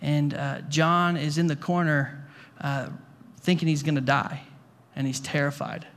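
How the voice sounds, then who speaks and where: A man's voice: a little high, flat delivery, measured pace, a bit bright. A male pastor preaching a sermon to a congregation in a conversational way, repeating words and asking the room questions. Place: church hall before a congregation.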